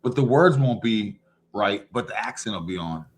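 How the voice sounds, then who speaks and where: A man's voice: fairly low pitch, lively intonation, moderate pace, slightly rough. Laid-back, slangy man. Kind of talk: casual chat.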